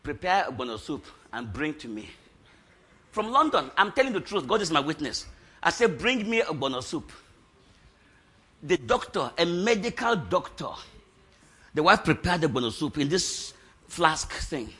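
A middle-aged man, a pastor giving an animated testimony sermon, shouting at its high points and laughing between lines. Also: normal speed, long pauses, slightly rough.

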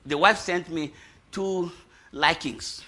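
Taking it slowly, a middle-aged male pastor gives an animated testimony sermon. At its high points he shouts, and between lines he laughs.

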